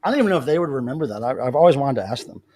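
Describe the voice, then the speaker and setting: A man's voice: mid-range voice, lively intonation, very fast, warm tone, slightly rough. A man hosting a casual live stream, telling rambling stories with many restarts. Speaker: livestream host.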